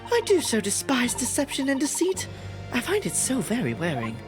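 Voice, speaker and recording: A man's voice: very high-pitched, wildly swooping pitch, normal speed, over music, voice pushed up, heavily acted. A man voicing a fussy, affected male magician sitting as a juror, prim in his delivery.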